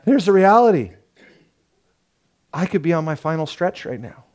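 A young man preaching a sermon as pastor, telling the story lively and acting out the quotes. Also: on the high side, brisk, pauses often. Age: young adult. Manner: animated storytelling, acts out quotes with laughs.

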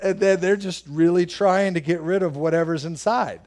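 This pastor's voice sits high and a little mellow, with a steady tone at normal speed. His sermon is conversational, full of personal stories, put-on voices for the people he quotes, and questions to the congregation.

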